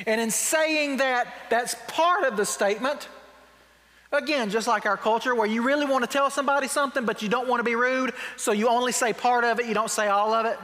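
A man pastor preaching a sermon, retelling scripture in casual everyday words, wry and emphatic, sometimes dropping to quiet reflection. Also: extremely high pitch, steady tone, fairly quick, big-room sound. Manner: conversational storytelling, paraphrasing scripture in everyday speech.

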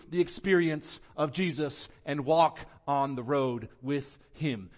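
Man, pastor, conversational humorous sermon, slightly high voice, muffled lo-fi recording. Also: takes it slowly, hardly any pauses. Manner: conversational, humorous, swings between loud emphasis and quiet. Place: church sanctuary.

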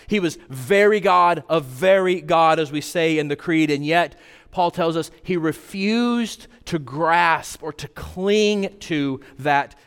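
Male pastor, earnest sermon delivery, a little high, long hall reverb. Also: clear, resonant tone. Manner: earnest, swings from loud emphasis to hushed intensity.

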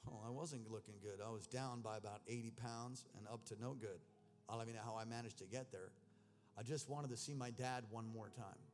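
A man's voice: mid-range voice, steady tone, a little fast, darkish tone. A man preaching a personal testimony in church, earnest and emotional. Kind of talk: sermon testimony.

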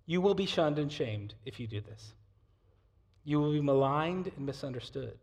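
A male pastor preaching a sermon with passion, swinging between loud emphasis and near-whispers. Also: a little high, normal speed, vocal fry.

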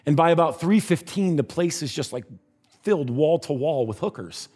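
A man preaching by telling a story, animated and giving voices to the characters in it. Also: on the high side, moderate pace. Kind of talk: sermon storytelling.

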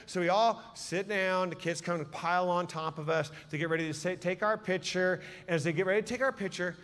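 A man preaching a sermon, telling a story with animated swings between loud and hushed delivery. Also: sits high, fairly quick. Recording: long hall reverb.

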